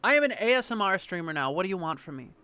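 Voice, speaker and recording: A woman's voice: lowish voice, sing-song, very fast, bright, forceful tone, faint music behind. A woman streamer in casual live-stream chat, rambling and chatty, swearing now and then.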